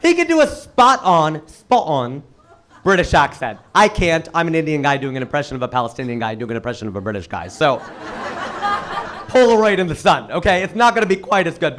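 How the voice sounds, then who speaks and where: Animated man doing stand-up. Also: a little high, a little fast. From United States. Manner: animated storytelling, punchy asides to the crowd. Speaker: stand-up comedian. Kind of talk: stand-up comedy set.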